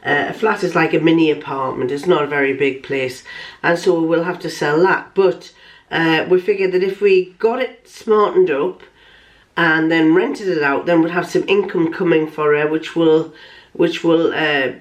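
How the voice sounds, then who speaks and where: A woman's voice: deep voice, normal speed. Chatty older woman vlogger. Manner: rambling, with many restarts and fillers. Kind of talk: casual chat.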